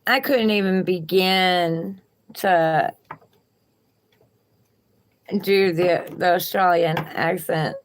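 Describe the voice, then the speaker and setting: Southern lady doing tarot on a livestream, kinda low voice, chatty and encouraging. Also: slow pace. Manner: chatty, encouraging, talks straight to viewers. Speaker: tarot reader. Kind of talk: live-stream tarot reading and chat.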